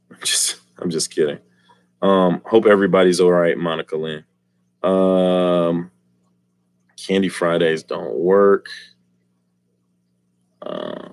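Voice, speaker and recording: A man's voice: low voice, no echo. A man hosting a casual live stream, joking and teasing the chat and laughing often. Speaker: livestream host.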